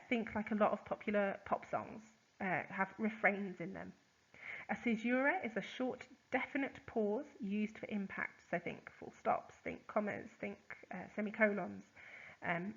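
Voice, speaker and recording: A woman's voice: medium pitch, a bit bright, lo-fi sound. Chatty woman teaching a lesson. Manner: chatty, explains with examples, many ums and uhs. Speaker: English teacher. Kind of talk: recorded lesson explaining terms.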